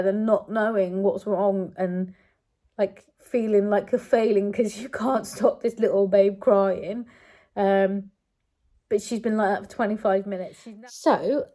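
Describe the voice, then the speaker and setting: A woman talks straight to her camera in a casual vlog, chatty and candid. Her pitch sits in the ordinary middle for a woman, and she confides in her viewers as if talking to friends. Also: darkish tone. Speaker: vlogger and mother.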